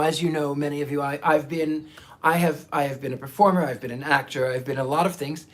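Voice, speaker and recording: A man with a rather high voice hosts a psychic livestream, chatting casually. He reads viewer comments in a theatrical, affectionate manner, frequently stammering and starting over.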